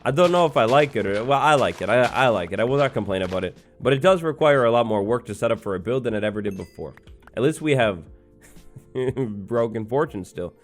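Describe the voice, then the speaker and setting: A man's voice: mid-range voice, animated, a little fast, soft background music. A young man giving casual, rambling commentary over his own gameplay, joking and filling gaps with "like" and "uh". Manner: rambling, joking, full of fillers and mock-innocent asides. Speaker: let's play host.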